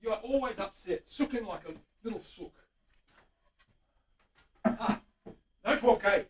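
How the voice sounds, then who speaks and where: Chatty man, high voice, off-mic. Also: unhurried, distant mic. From Australia. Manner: chatty, greets viewers by name, hums to himself. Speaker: luthier host. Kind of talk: casual live-stream chat while working.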